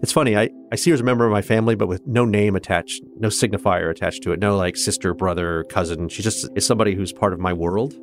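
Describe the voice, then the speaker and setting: A man's voice: lowish voice, fast talker, hardly any pauses, soft background music. A man from Kansas in his fifties, an interview guest telling his own family story in an earnest, reflective and candid way. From Kansas, USA. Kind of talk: personal storytelling in conversation.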